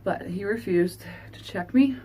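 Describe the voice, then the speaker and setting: A woman vlogger telling a painful personal story in an earnest, halting, confessional way. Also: medium pitch, mellow, slightly rough. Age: adult. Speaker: beauty vlogger.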